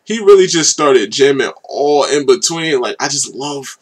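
A man's voice: mid-range voice, expressive, unhurried. Role: man hosting reactions, rambling chat. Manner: enthusiastic, loose and rambling. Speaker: reaction video host. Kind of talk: casual chat.

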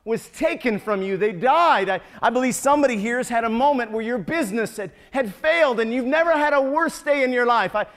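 A high-pitched male pastor preaching in a church, his words tripping over repeated starts. He slides from hushed, low passages into slow, forceful climaxes. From United States. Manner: stammering repetitions, swelling to emphatic peaks. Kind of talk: sermon. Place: church sanctuary.

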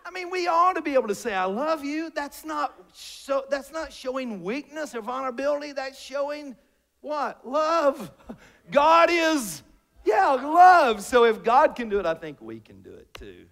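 A man's voice: very high voice, sing-song, unhurried, vocal fry, fairly bright tone. A man preaching a sermon to his congregation, joking and asking rhetorical questions. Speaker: pastor. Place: church sanctuary.

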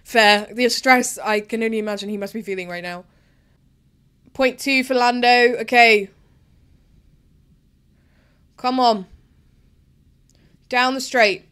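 Excitable woman reacting live. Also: a little high, takes it slowly, pauses often, clear, resonant tone. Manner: excitable, emotional, chatty. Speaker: vlogger reacting to a race.

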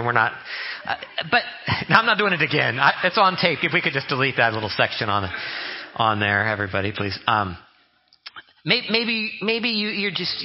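In a church sanctuary, a pastor delivers a funny, conversational sermon, joking around and frequently imitating how people sound when they pray. His voice is fairly high, and the recording is muffled.

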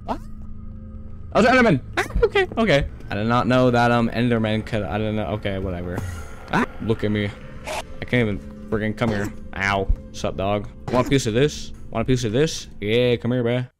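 A young man with a fairly low, steady voice chats his way through a horror game as a gaming YouTuber, full of slang and talking straight to the creatures on screen. When something scares him, he yelps and rushes. Faint music plays behind his casual let's-play commentary.

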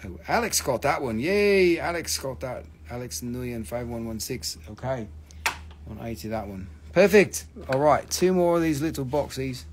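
A man hosting a live rock sale on his phone, excitable, with broken non-native English phrasing. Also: mid-range voice, moderate pace. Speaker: online rock and mineral seller. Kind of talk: live sales stream.

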